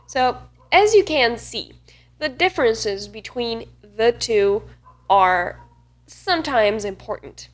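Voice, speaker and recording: A woman from northeast Italy, a native Italian speaker with an Italian accent, teaching a pronunciation lesson and carefully stretching out each sound to demonstrate it. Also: fairly high pitch. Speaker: language teacher.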